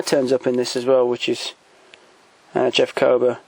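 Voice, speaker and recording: A man talking casually and haltingly, with many pauses and restarts, giving enthusiastic recommendations as he shows his shelf. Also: medium pitch, completely flat delivery, vocal fry, a little mellow, no echo, low-quality recording. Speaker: collector showing DVDs. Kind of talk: casual off-the-cuff commentary. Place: home room by a shelf.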